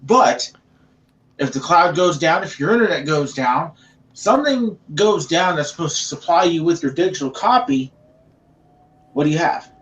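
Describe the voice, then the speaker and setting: A man's voice: a little high, animated, normal speed, a bit bright, roomy sound. A man guest on a podcast, emphatic and playfully showy in casual chat. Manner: emphatic, showman-like. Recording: distant lo-fi mic.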